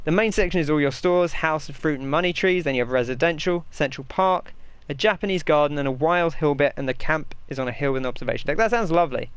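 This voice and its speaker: A man's voice: fairly high pitch, fast, hardly any pauses, fairly bright tone, clean tone, no room sound. A man giving chatty, rambling gameplay commentary and answering his chat as he plays. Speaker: gaming host.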